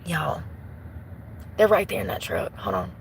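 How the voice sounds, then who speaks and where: A woman's voice: low-pitched, sing-song, measured pace, background noise. A woman live-streaming from her parked truck on her phone. She chats casually with her viewers, laughs often and greets them by name.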